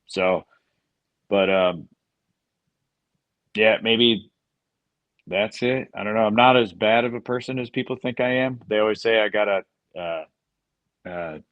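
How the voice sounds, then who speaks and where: A man's voice: fairly low pitch, unhurried, long pauses, dry recording, muffled recording. A man from the United States, a podcast guest, talking in a hesitant, self-deprecating way. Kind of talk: casual interview chat.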